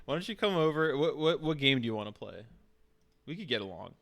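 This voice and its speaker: Man, streamer, mid-pitched voice, joking, teasing, casual live-stream chat. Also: sing-song, fairly quick, creaky, fairly bright tone, slight background noise. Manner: joking, teasing, laughs often.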